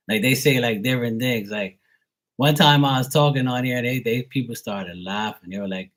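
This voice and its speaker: Here a young man from Bermuda, doing live tarot, chats loosely with fillers and repeated words, his Bermudian accent mild. He talks at a normal speed in a mid-range voice with a fairly bright tone.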